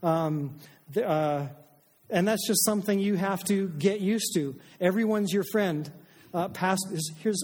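A man's voice: high-pitched, unhurried, darkish tone, long reverb tail. A middle-aged man preaching a sermon as a pastor, conversational and self-deprecating, with frequent fillers and restarts.

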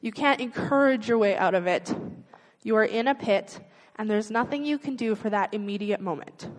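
A woman's voice: mid-range voice, normal speed, in a large hall, poor audio. A woman preaching a sermon in an earnest, conversational way, asking rhetorical questions of her listeners.

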